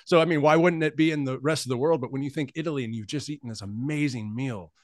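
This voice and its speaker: A male podcast host who tells loose, rambling stories and swears freely, at a middling pitch. His voice is dry and close to the mic. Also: quick pace, dry recording. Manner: rambling storyteller, swears freely, laughs often. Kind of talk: casual podcast chat.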